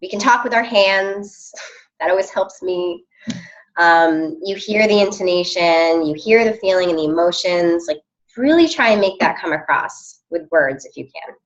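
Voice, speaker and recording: A woman's voice: fairly low pitch, lively intonation, normal speed. Upbeat woman coach, chatty, filler-heavy, muffled call audio. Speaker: team coach leading a call. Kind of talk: motivational team call.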